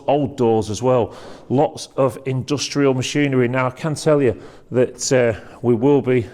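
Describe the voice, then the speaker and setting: A man's voice: mid-range voice, a little mellow. Chatty man touring a workshop. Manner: chatty, pointing things out on the move. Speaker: auctioneer giving a site tour. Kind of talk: walking tour commentary. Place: large industrial workshop building indoors.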